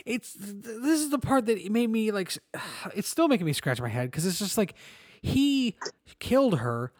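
Podcast co-host, male, high voice, dry close sound, animated and chatty. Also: normal speed, no echo. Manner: animated, quotes characters in mock voices, swears. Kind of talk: casual chat reviewing a TV episode.

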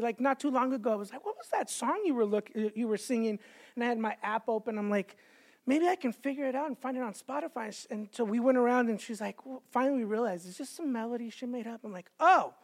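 A man in his thirties, a guest evangelist from the Los Angeles area, giving a sermon in a church with chatty, self-deprecating stories and jokes. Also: very high voice. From Los Angeles area, California. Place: church sanctuary with stage.

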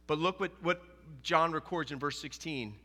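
A man preaching a sermon as pastor, in an animated, conversational way, often acting out quoted dialogue. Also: a little high, normal speed, big-room sound.

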